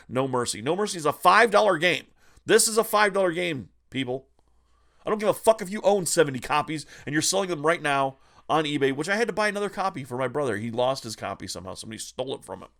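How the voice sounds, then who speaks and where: A man's voice: mid-range voice, gravelly, fairly bright tone. A man hosting a retro gaming channel, ranting angrily with constant profanity. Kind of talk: ranting vlog.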